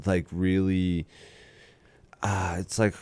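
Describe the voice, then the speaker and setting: A man's voice: low-pitched, flat delivery, takes it slowly, a little mellow, clear, resonant tone, no room sound. A young man, co-hosting a podcast in casual chat, telling stories full of "like" and swearing. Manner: storytelling, heavy filler "like", swears a lot. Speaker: podcast co-host.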